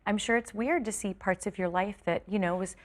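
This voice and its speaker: A woman from California, a stage actress, chatting as an interview guest, tired and quick with many fillers and restarts. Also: medium pitch. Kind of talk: casual interview chat.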